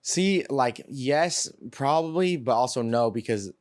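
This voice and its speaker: A man's voice: medium pitch, animated, measured pace, darkish tone. A man from Santa Clarita on a casual podcast, hesitant, often repeating words and trailing off. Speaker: podcast co-host. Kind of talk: casual chat.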